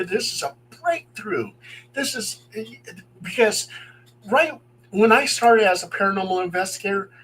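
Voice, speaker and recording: A middle-aged man, a paranormal investigator, telling true ghost stories in an animated way, acting out the voices he quotes. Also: sits high, slight background noise, poor audio. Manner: animated, acts out quoted voices, chuckles as he talks. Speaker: paranormal investigator and guest storyteller.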